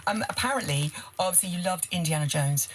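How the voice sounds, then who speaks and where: A woman hosting an interview, enthusiastic and effusive, quick to praise her guest. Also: on the low side, a little hiss or hum, poor audio. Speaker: interviewer, host. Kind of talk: casual interview.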